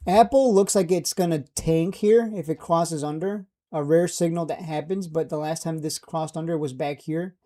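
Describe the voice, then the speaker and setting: Man, market streamer. Brash, joking, dark tone. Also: fairly high pitch, normal speed, hardly any pauses. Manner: brash, joking, laughs at own jabs. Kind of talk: casual market commentary.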